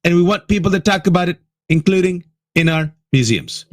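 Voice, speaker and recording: A man's voice: high voice, lively intonation, brisk, no echo, clean studio sound, voice pushed up. A man mimicking a bombastic older president. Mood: mocking bluster. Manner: bombastic, exaggerated emphasis. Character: blustering, boastful older male president.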